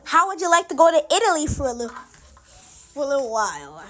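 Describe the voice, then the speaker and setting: A woman's voice: sits high, sing-song, quick pace, fairly bright tone, slight background noise. A girl voicing Asher, a boastful, teasing teenage boy model. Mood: cocky. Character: cocky famous teen boy model.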